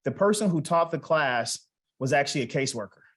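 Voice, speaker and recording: A man's voice: a little high, lively intonation, fairly quick, fairly bright tone, poor audio. A man in his forties giving an award speech, telling a personal story in a conversational way, acting out family dialogue and asking the audience questions. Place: event hall.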